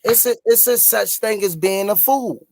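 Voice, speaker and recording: A man with a Baltimore accent co-hosting a podcast, arguing loudly and sarcastically, often shouting and mocking. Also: sits high, moderate pace, creaky, dry recording, clean studio sound. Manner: loud, sarcastic, shouts and mocks. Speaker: podcast co-host. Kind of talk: heated casual debate.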